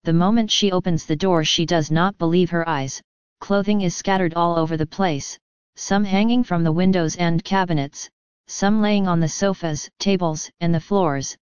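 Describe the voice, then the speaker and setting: Woman storyteller, lowish and very clear, even matter-of-fact read, dry slightly dull sound. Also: moderate pace, no echo. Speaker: narrator. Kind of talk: scripted story narration.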